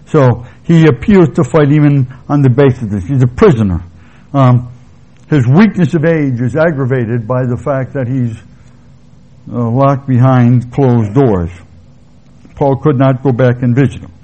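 Husky, mellow-voiced male preacher. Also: mid-range voice, low-quality recording. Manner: conversational, pausing to restate points. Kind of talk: expository sermon.

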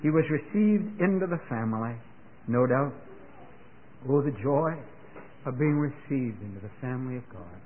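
A man's voice: mid-range voice, animated, moderate pace, slight background noise. An older man preaching a sermon in an earnest way that builds to fervent exclamations. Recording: tinny phone-like radio broadcast.

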